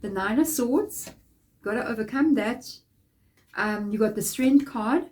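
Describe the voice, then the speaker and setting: A woman's voice: fairly high pitch, measured pace, darkish tone. Nasal, stuffy-nosed woman reading tarot. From Africa. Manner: chatty and encouraging, loose rambling sentences. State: stuffy blocked nose, nasal. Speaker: tarot reader. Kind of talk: casual tarot card reading.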